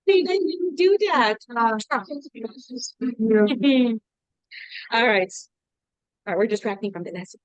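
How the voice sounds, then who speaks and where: Woman teaching a casual class, high pitch, dry close sound, lots of likes. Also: takes it slowly, long pauses, dry recording, lo-fi sound. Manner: chatty, lots of "like" fillers, explains with rhetorical questions. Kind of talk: informal lesson.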